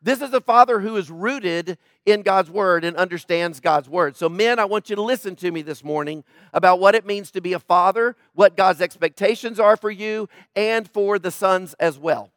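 A male pastor preaching a sermon, emphatic and questioning the congregation, swinging from loud emphasis to low quiet tones. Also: moderate pace, few pauses, no room sound, clean studio sound.

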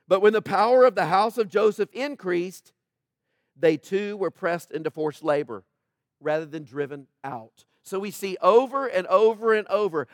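A man's voice: fairly high pitch, moderate pace, dry recording, studio quality. A man preaching a sermon in a conversational way, asking the congregation questions and pressing his points harder as he goes. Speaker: pastor.

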